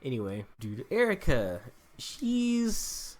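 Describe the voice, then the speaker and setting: A man's voice: a little high, huge pitch swings, takes it slowly, darkish tone. A young man chatting casually while streaming a game, rambling and joking, swearing freely and laughing often. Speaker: gaming streamer. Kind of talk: casual chat while gaming.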